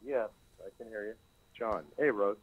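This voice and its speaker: A man's voice: fairly low pitch, moderate pace, husky. A man calling in on a cell phone, chatting in a laid-back, joking way. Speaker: caller. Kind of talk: phone call-in chat. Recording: muffled phone line.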